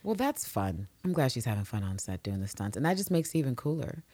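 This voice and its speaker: A woman with a notably low voice co-hosts a casual podcast, swinging her pitch widely as she jokes and rants. She swears freely and laughs often, and her voice sounds close and dry, with no room sound. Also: big pitch swings, fast, warm tone, no room sound. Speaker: podcast co-host. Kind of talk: casual chat recapping a TV episode.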